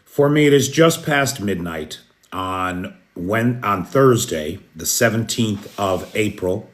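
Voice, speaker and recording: American guy doing a late night live news stream, slow easygoing delivery, calls out viewers by name. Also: fairly low pitch. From United States. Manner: unhurried, greets viewers by name. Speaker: news host. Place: apartment in a city at night.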